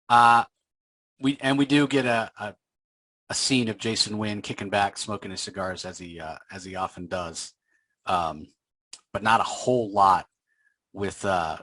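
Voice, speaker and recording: A man with a fairly low voice talks casually through a comic book issue. He retells scenes and breaks into quick character voices. The sound is dry and close to the mic. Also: pushed and bright, dry recording. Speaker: podcast host.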